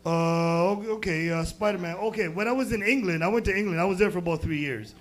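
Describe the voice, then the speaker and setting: A young American man doing a crude, rambling stand-up set, jumping from loud bursts to muttered asides. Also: sits high, fast talker. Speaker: stand-up comedian. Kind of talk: stand-up set at an open mic.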